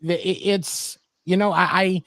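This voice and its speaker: A man's voice: high voice, fairly even intonation, slow, fairly bright tone. A man in a casual sports podcast chat, often stumbling over his first words. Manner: hesitant, repeats words while starting.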